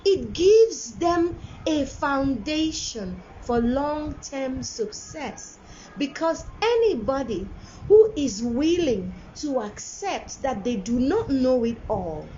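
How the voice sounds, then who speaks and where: A woman's voice: high-pitched, sing-song, takes it slowly, mellow, muffled recording, slight background noise. A woman with a Nigerian accent, a parent giving an earnest, preachy monologue about parenting, repeating her points for emphasis. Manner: emphatic, preachy, lots of repeated phrases and restarts.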